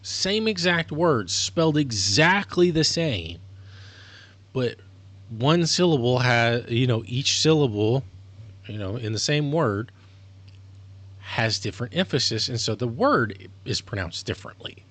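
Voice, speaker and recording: A male streamer talks through his thoughts in a loose, rambling way, correcting himself as he goes. His voice sits at a middling pitch. The sound is dry and close. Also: lively intonation, unhurried, fairly bright tone, no echo. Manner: rambling, self-correcting, explanatory. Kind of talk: casual livestream monologue.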